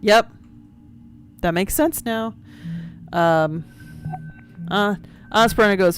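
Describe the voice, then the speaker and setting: A woman's voice: mid-range voice, extremely slow, long pauses, faint music behind. A woman co-hosting a podcast, chatting casually and going off on tangents while reading game text aloud. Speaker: podcast co-host.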